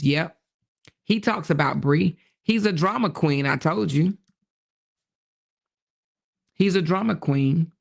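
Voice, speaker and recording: A woman hosts a casual livestream, reading viewer comments and reacting to them bluntly, with plenty of swearing. Her voice has a rough, gravelly edge. She laughs a lot and drifts off mid-thought. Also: low voice, takes it slowly, pauses often. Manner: blunt and profane, laughing often, loses her train of thought. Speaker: livestream host.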